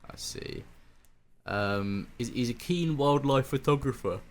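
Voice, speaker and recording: A man's voice: mid-range voice, animated, measured pace. A man, co-hosting a casual podcast, reading a news story aloud and swearing freely between laughs. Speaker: podcast co-host.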